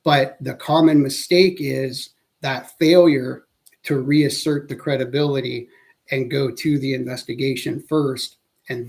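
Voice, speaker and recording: A man presenting an instructional talk as an interview-training instructor, speaking in a measured, earnest way and now and then correcting himself mid-sentence. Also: on the high side, vocal fry.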